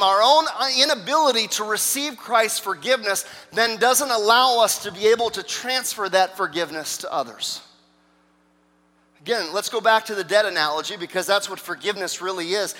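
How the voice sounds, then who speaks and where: A man, a pastor, preaching a sermon with emphatic repeated phrases, swinging from loud to hushed. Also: sits high, normal speed. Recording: long hall reverb.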